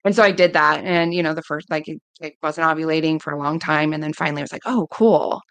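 A woman's voice: deep voice, flat delivery, quick pace, gravelly, fairly bright tone, clear, resonant tone, no echo. A woman in her thirties, a coach, telling a heartfelt personal story in a casual interview, often quoting herself. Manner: earnest, emotional, quotes herself often.

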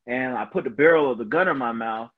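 A man speaks as a podcast guest, recounting his experiences with earnest emotion and frequent "you know" fillers. His voice sits at an ordinary middle pitch. The recording sounds a little dull and lo-fi. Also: fast talker. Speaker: guest, Marine veteran and motivational speaker. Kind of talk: personal storytelling in a podcast interview.

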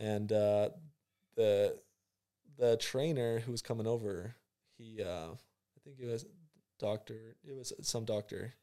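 A man's voice: lowish voice, measured pace, warm tone, clean tone. A young man, a college football player, telling a story in casual chat with slang and acted-out reactions. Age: young adult. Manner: laid-back storytelling, slangy, acts out his own reactions.

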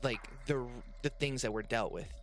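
A man's voice: medium pitch, animated, normal speed, soft background music. A man with an American accent, co-hosting a podcast, chatting casually about restaurant serving in a rambling way full of restarts. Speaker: podcast co-host and restaurant server. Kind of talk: casual chat.

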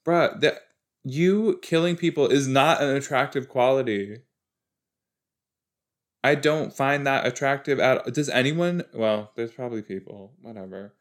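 In an unhurried, mid-range voice, a man chats loosely about a TV episode on his podcast. He drifts from point to point and often breaks off mid-thought with an exclamation.

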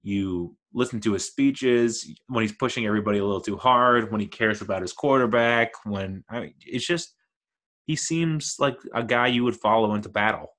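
A man's voice: fairly low pitch, moderate pace, a bit bright. A man giving a casual, rambling, enthusiastic film commentary as a movie reviewer.

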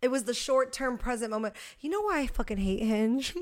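A young woman co-hosts a podcast, her voice on the high side with lively intonation and a brisk pace. The chat is casual, and she talks bluntly, jokes around, and swears freely.

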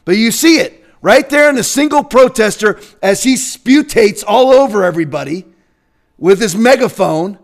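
A man's voice: high-pitched, expressive, normal speed, gravelly. A man delivering an emphatic, combative political opinion rant. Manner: combative, emphatic, bursts into shouting. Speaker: political commentator.

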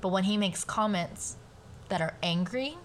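A woman guest on a casual podcast tells a personal family story with animated energy, acting out what her relatives said and swearing now and then. She grew up speaking Spanish at home. Her voice sits at a middle pitch, with a faint hiss of noise in the background. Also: measured pace. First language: bilingual, speaks Spanish at home.

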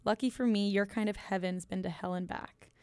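Her mid-range voice is brisk, smooth and a little mellow, with fairly even intonation, as this young US woman co-hosts a podcast about an album. She chats casually, laced with ums, likes and giggles. Studio quality, no echo.

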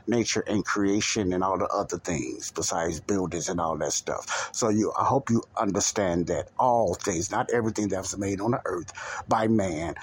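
A man's voice: lowish voice, husky. A man hosting a bible teaching podcast, talking emphatically, repeating points and asking the listener rhetorical questions. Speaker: podcast preacher.

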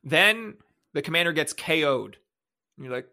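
Gravelly, bright-voiced sarcastic man. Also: a little high, animated, a little slow. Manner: sarcastic, mocking play-by-play retelling. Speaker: podcast co-host. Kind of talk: casual movie recap chat.

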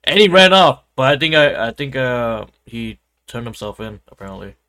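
A man's voice: mid-range voice, big pitch swings, normal speed, bright, forceful tone. A man co-hosting a podcast, talking politics in a hesitant way with many fillers. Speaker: podcast co-host. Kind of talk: political chat.

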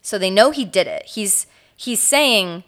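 A woman's voice: medium pitch, lively intonation, measured pace, fairly bright tone. A woman co-hosting a casual true-crime podcast, walking her co-host through a case and acting out the quotes.

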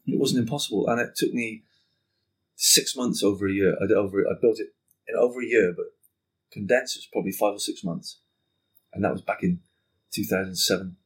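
A man guest on a podcast, telling a story in casual conversation, animated and swearing freely while acting out what people said. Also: on the low side, fairly quick, pauses often, slightly rough.

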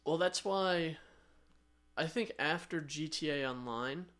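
A man's voice: on the high side, slow pace, fairly bright tone. A man co-hosting a casual podcast, talking in a chatty way. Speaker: podcast co-host. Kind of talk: casual chat.

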